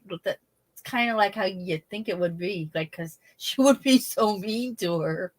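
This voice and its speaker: A woman hosting a casual livestream, chatting in an animated way, laughing often and sometimes trailing off quietly. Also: medium pitch, normal speed. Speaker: livestream host.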